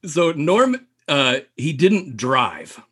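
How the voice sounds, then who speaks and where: A man swaps stories in a relaxed conversation, his slightly husky voice leaping up and down as he tells them. He laughs hard and slips into quick impressions of the people in his stories. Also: a little high. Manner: animated storyteller, laughs loudly, mimics people in quotes. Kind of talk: casual chat, telling comedy anecdotes.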